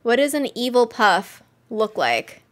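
A woman hosting a live stream, reacting excitedly to a game trailer, gushing and laughing often. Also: fairly high pitch, a little slow. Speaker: host.

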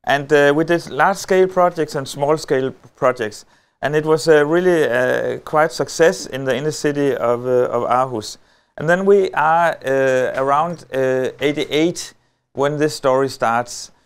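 A middle-aged man with a Danish accent tells a story from a conference stage. His voice sits a touch high and comes through smooth and clear. He hesitates often and fills the gaps with small sounds, keeping a wry edge. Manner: halting, many filler sounds, wry humor. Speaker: lecturer. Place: on a stage before an audience.

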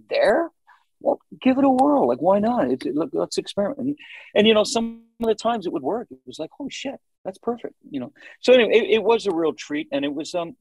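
A man in his sixties chatting in an interview, telling animated stories and acting out what people said. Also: high voice, slightly rough, no room sound, rough recording. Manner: animated storytelling, acts out quoted dialogue. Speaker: singer, interview guest. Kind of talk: casual interview talk.

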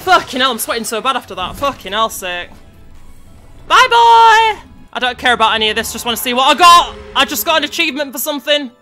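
A woman giving sweary, shouty, frustrated let's-play commentary over her gameplay. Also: sits high, rapid-fire, hardly any pauses, music in the background.

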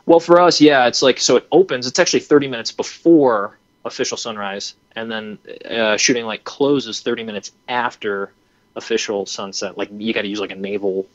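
Animated young man telling a story. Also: lowish voice, moderate pace, no echo. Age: 20s. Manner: animated, acts out his own reactions, many fillers. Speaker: hunting program founder and podcast guest. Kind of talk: casual storytelling. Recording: dry, slightly dull lo-fi audio.

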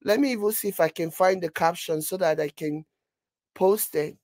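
A woman's voice: on the low side, normal speed, a little mellow, dry recording. A woman with a Nigerian accent giving casual, mocking commentary on a video while scrolling for screenshots. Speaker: vlogger reacting to a video.

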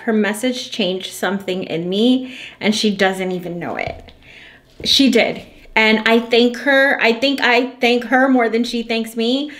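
A woman's voice: a little high, a bit bright. A woman who makes candles and hosts her own channel, talking to her viewers in a heartfelt, effusive way. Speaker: candle maker and channel host. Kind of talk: casual vlog talk to viewers.

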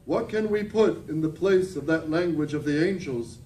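Male priest, fervent sermon, quiet intense drops, higher voice, mellow tone, distant mic with faint rumble. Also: normal speed. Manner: fervent preaching, dropping to quiet, intense emphasis. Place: church.

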